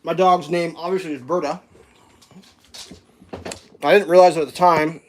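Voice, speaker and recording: A man's voice: a little high, unhurried, a little mellow, slight background noise. A man chatting casually while cooking breakfast at home, rambling through stories and laughing at them.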